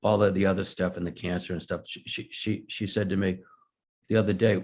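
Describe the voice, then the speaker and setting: A man's voice: sits low, flat delivery, fairly quick, darkish tone. A man in his sixties, a guest in an interview, telling candid stories with blunt language and self-deprecating humor. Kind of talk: candid conversational storytelling.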